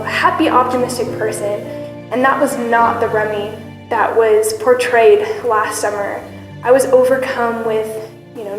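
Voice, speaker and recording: A young woman giving an earnest, candid personal testimony to a church gathering, with plenty of fillers. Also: on the high side. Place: church hall. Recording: echoey church hall with music.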